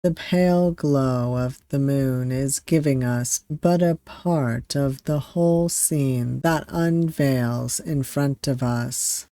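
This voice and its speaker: Game streamer narrating a visual novel, very slow and deliberate, dry recording. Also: medium pitch, warm tone, dry recording. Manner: slow, deliberate reading with asides. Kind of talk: reading a visual novel aloud.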